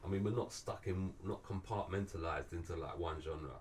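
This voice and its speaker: A man's voice: sits low, normal speed, a little mellow, far from the mic, a little hiss or hum. A British man, a guest DJ, telling stories in a laid-back, slangy podcast chat. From England.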